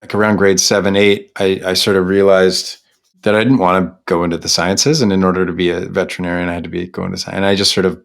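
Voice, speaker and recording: Middle-aged canadian guy, low voice, chatting candidly about himself, lots of restarts. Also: level tone, fast, vocal fry. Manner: reflective, self-deprecating, many restarts and fillers. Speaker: guest singer-songwriter. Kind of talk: candid conversational interview.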